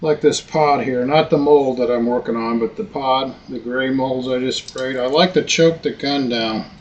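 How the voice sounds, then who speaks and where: A man giving a relaxed live-stream workshop demonstration while he works, thinking aloud as he goes. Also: medium pitch, moderate pace, muffled recording. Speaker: model-making instructor. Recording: noisy workshop recording.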